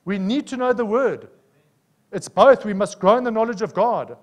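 A man preaching with a South African accent, his voice sitting fairly high. He tells stories from his own life and keeps checking in with the congregation as he goes. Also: normal speed, highs cut off. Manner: animated, personal storytelling with frequent "Amen?" calls. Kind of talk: sermon.

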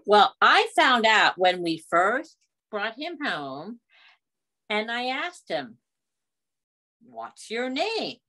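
Lady doing storytime for little kids, slow and bouncy, coaxing questions. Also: mid-range voice, sing-song, bright, forceful tone. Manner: sing-song, coaxing, asks children questions. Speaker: children's storytime reader. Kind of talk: reading a picture book aloud to children.

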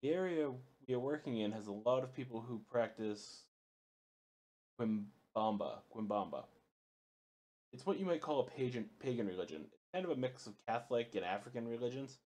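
A man playing a horror game, reading its notes aloud haltingly, with frequent stumbles, and swearing or yelping when startled. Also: medium pitch, expressive, darkish tone. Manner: reads in a halting way, stumbling and restarting words. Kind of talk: let's play commentary.

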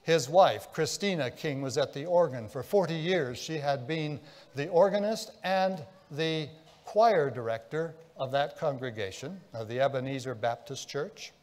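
A man preaching a sermon as pastor, telling a story, dropping to a hush and then rising with feeling. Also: on the high side, unhurried. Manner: storytelling, swinging between hushed and impassioned. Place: church sanctuary. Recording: long church reverb.

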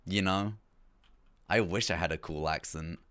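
A man's voice: low voice, unhurried, fairly bright tone. A young English man with a plain southern English accent, rambling casually to his stream chat about accents. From England. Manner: rambling, self-correcting, chatty.

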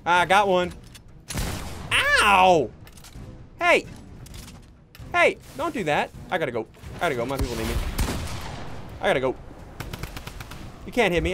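A young man giving jokey, excitable commentary while playing a video game. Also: sits high, a little hiss or hum. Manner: excitable, jokey, yelps and laughs mid-play. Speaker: gaming channel host. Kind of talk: live gameplay commentary.

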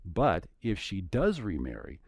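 A man's voice: low voice, wildly swooping pitch, measured pace, gravelly, slightly rough, no echo. A man teaching scripture in an earnest, conversational way, paraphrasing passages in everyday words. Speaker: Bible teacher.

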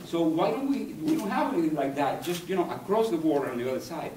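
Male poet, English, halting lecture delivery, distant mic with faint hiss. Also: fairly high pitch, expressive. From Cuba. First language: Spanish. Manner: halting, digressive, searching for words. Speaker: poet giving a talk. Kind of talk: university lecture. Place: university lecture room. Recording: echoey room, distant mic, faint noise.

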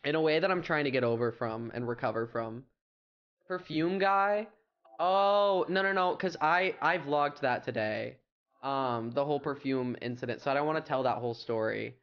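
A man's voice: mid-range voice, normal speed, smooth, highs cut off. A young American man chatting casually and playfully on a livestream, rambling with filler words. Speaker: streamer.

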